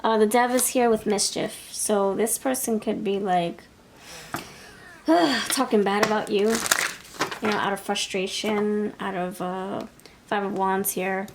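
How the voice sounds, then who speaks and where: A woman's voice: medium pitch, fairly even intonation, measured pace, noisy background. A woman giving a casual pick-a-card tarot reading. She rambles and repeats herself, and slips into voicing other people's thoughts. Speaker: tarot reader.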